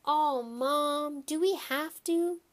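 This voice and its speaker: A woman's voice: high-pitched, slow pace, pitched above the performer's own voice. A woman playing an exasperated schoolboy. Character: annoyed, grumbling schoolboy hero.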